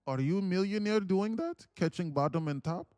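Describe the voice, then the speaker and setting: A man's voice: sits high, moderate pace, a little mellow, clean tone, dry recording, clean studio sound, soft background music, voice pushed up, close to an everyday voice. A man voicing an older millionaire trading mentor with an Indian accent, speaking in clipped, blunt phrases. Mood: probing.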